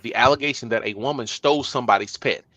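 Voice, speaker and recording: A man hosting a podcast in casual political chat, talking emphatically and building to loud bursts. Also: medium pitch, fast talker, no room sound. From Texas. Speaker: podcast host.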